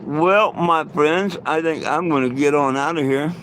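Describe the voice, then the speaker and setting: A man's voice: a little high, unhurried, fairly bright tone, slight background noise, poor audio. A man vlogging outdoors, chatting casually and cooing affectionately at his dogs. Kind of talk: casual talk to camera and pets.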